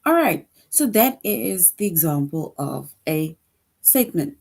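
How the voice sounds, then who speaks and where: A woman's voice: deep voice, big pitch swings, gravelly, a little mellow. A woman teaching an online grammar lesson to young children, patient and repetitive, often checking in with "right?". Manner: slow, patient, repeats points with frequent "right?".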